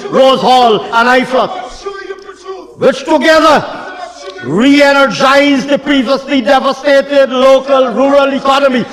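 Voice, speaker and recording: A Guyanese man, a government minister, delivering a parliamentary budget speech in an emphatic way, repeating lines and building to shouts at the opposition. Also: very high-pitched. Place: large parliament chamber. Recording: long reverb of a parliament chamber.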